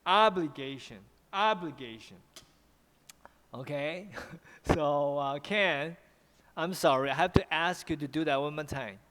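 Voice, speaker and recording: A man's voice: fairly high pitch, measured pace, a bit bright, big-room sound, slight background noise. A man with a Taiwanese accent teaching English pronunciation in an online class, often repeating himself and switching into Mandarin.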